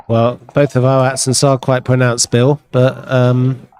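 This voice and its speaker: A man's voice: mid-range voice, flat delivery, takes it slowly, a little mellow. A man commentating live on a backgammon match in a chatty, wry way, with playful asides.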